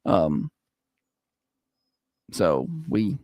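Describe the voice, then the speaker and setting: A man's voice: low voice, very slow, gravelly, no room sound. A man co-hosting a morning radio show, teasing his co-host and telling stories. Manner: teasing, dry humor, animated when telling stories. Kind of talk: casual morning radio chat. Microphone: studio microphone.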